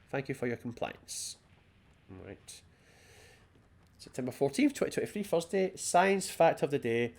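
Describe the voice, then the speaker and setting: A Scottish man commenting on gameplay, chatty and excitable, often reading in-game documents aloud. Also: fairly high pitch. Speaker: let's play host.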